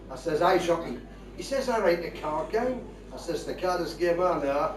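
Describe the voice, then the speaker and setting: Live on stage, an older comedian from the Geordie north delivers chatty, rambling tall tales at a moderate pace, his voice on the high side and animated with a broad lilt. Laughter from the audience sits in the background of an echoey, distant recording.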